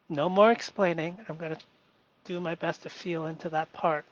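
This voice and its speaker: A man hosting a live stream, talking through his feelings in an earnest, halting way with many fillers. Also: fairly high pitch, lo-fi sound. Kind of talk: emotional self-reflective live stream.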